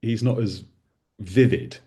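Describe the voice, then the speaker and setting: A man's voice: fairly low pitch, steady tone, takes it slowly, warm tone. A man, a podcast host, chatting expansively and enthusiastically in a casual conversation.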